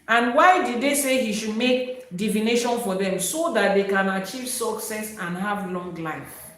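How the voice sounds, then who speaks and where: A woman with a Yoruba accent teaching Ifá on a live stream. She recites verses and then explains them slowly. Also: medium pitch, slight background noise. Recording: very echoey room.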